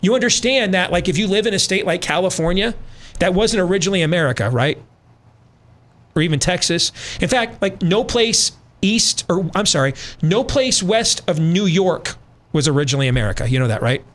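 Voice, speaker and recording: A man's voice: sits high, lively intonation, a little fast, fairly bright tone. Emphatic talk radio host, man. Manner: emphatic, rhetorical, addresses listeners directly.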